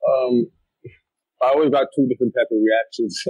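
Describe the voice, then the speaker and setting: In a casual interview with poor audio and no echo, a young battle rapper from Toronto, Canada, talks bluntly and streetwise, dropping slang and "you know what I mean" often. His mid-range, darkish voice moves at a moderate pace with fairly even intonation.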